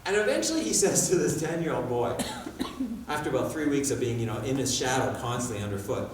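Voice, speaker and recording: A man giving a public talk in a school hall, telling stories in an animated way, with sound effects. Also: medium pitch, fast, slight background noise. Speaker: guest speaker. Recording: echoey hall, far mic, faint ambience.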